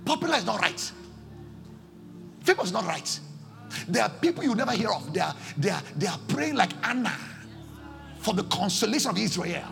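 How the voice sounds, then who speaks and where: A Nigerian-accented man preaching a sermon as pastor, impassioned, swinging between shouts and low pleading, in a church service. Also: very animated, normal speed, creaky, pauses often, soft background music.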